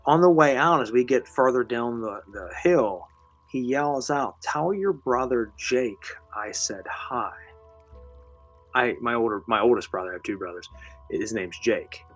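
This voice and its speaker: A man's voice: medium pitch, lively intonation, moderate pace, soft background music. A man hosting a live show, telling a story in a casual, rambling, conversational way with casual swearing. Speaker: host.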